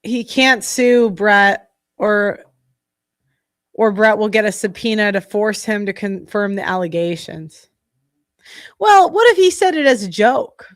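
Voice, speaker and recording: A woman's voice: medium pitch, lively intonation, a little slow, no room sound, clean studio sound. A young woman hosting a livestream, talking casually, bluntly and with heat, swearing often and restarting her sentences. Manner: heated, blunt and profane, with frequent restarts. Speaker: livestream host.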